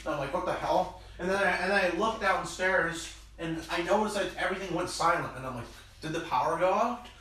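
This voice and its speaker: A man's voice: sits high, a little fast, sharp tone. A young man hosting a casual chat, rambling with lots of fillers and restarts. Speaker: podcast host. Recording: roomy, distant mic with background noise.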